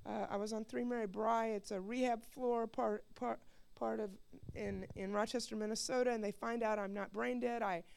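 High, gravelly woman preaching earnestly. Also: steady tone, normal speed. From Missouri. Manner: earnest, builds to loud impassioned preaching, repeats words. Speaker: speaker giving a personal testimony. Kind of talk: emotional testimony sermon.

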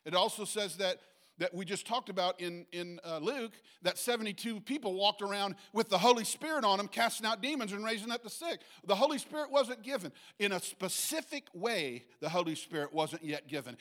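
A man preaching a sermon in a conversational way, reading scripture slowly and checking in with his listeners. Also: sits high. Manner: bursts into loud acted shouts when quoting. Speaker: pastor. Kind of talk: sermon teaching.

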